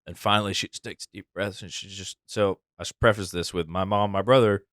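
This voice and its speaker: A man's voice: low-pitched, fairly even intonation, fairly quick, a bit bright, dry recording, clean studio sound. A man hosting a casual podcast, telling stories in an easygoing way and laughing often. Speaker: podcast host, firefighter. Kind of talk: casual chat.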